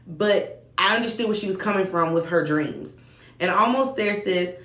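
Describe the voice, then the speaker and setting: A woman talking casually to camera as a video blogger, chatty and relaxed, with casual slang. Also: on the low side, normal speed. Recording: echoey room.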